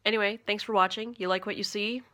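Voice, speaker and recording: A Canadian woman in her thirties, telling a story to camera in a chatty, animated way full of fillers. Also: medium pitch, fast. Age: 30s. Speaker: vlogger.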